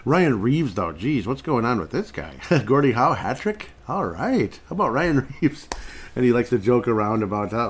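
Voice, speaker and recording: A man's voice: mid-range voice, sing-song, moderate pace, breathy edge. A man hosting a podcast in casual sports chat, rambling along and chuckling between thoughts. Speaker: podcast host.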